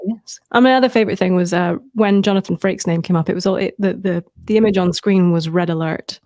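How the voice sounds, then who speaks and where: A woman's voice: fairly low pitch, quick pace, dark tone, no echo, clean studio sound. A woman co-hosting a casual recap podcast, chatty and detail-loving, with many hesitant fillers. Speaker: podcast co-host.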